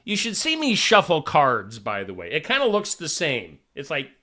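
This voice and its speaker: Male live-stream host, chatty and animated, good-humored banter. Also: fairly high pitch, normal speed. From Iowa. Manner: chatty, jokey, reads out viewer names. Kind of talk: casual live-stream chat.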